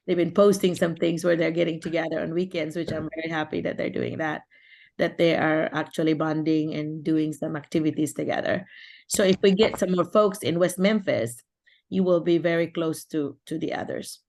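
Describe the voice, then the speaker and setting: A woman's voice: deep voice, fairly even intonation, normal speed, gravelly, darkish tone. A middle-aged woman from the Philippines hosting an online support session, giving casual advice over a video call with many restarts and fillers.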